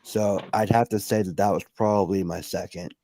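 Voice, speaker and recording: A man's voice: fairly low pitch, fairly even intonation, moderate pace, dark tone, no room sound. A man on a live stream, telling upbeat anecdotes and checking in with "right?". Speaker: co-host. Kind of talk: casual chat.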